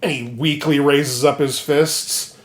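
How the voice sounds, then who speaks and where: A man co-hosting a comedy podcast, retelling a story with lively jokes and goofy voices. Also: on the high side, takes it slowly, a crowd in the background. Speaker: podcast co-host. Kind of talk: comedic casual chat.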